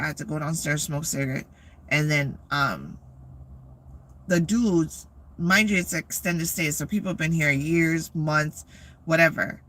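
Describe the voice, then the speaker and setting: Woman vlogger, forceful bright voice, profane rambling storyteller. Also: sits low, unhurried. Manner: profane, rambling, animated retelling. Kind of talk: casual storytelling.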